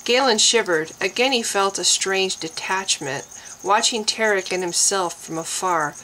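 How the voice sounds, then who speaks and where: A woman reading a fantasy novel aloud in a slow, deliberate narration. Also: medium pitch, pushed and bright, a little hiss or hum, poor audio. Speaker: audiobook reader.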